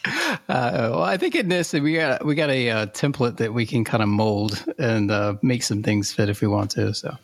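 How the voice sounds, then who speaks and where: A man in casual podcast chat, upbeat and quick to laugh. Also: mid-range voice, animated, gravelly.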